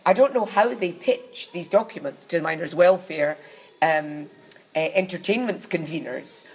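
A woman's voice: lowish voice, normal speed, vocal fry, darkish tone, slightly rough, rough recording. A woman chatting in an interview, telling wry, bawdy stories and dropping into comic voices for the people in them. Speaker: guest recounting her acting past. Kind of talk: anecdotal interview chat.

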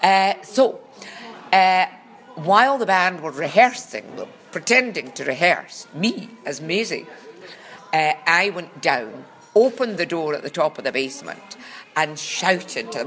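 A woman's voice: lowish voice, expressive, a little slow, fairly bright tone. A woman with a Scottish accent chatting as a podcast guest, rambling through stories with dry, teasing humour. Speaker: podcast guest, former children's TV presenter. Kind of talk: casual comic chat.

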